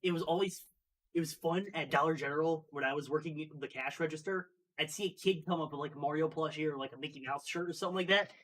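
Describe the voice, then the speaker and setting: A man chatting casually on a live stream, making relaxed, wry remarks. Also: a little high, fast talker, distant mic.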